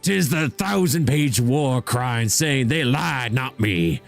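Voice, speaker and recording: A man putting on the voice of a gruff, swaggering male pirate who reads out a scroll in a drawling, theatrical way. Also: mid-range voice, animated, takes it slowly, soft background music.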